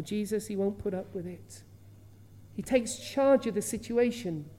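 A woman's voice: on the high side, warm tone. A woman preaching an earnest Bible sermon, asking rhetorical questions and acting out the quoted voices with feeling. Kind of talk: expository sermon.

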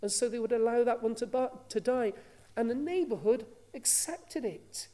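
A woman's voice: on the high side, moderate pace, dark tone. A woman preaching a sermon, telling a story earnestly and asking rhetorical questions.

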